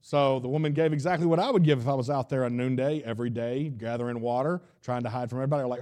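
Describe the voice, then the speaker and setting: Male preacher, casual storytelling sermon, warm dark tone. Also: mid-range voice, rapid-fire, few pauses. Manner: retells the story in a folksy, conversational way and acts out its dialogue.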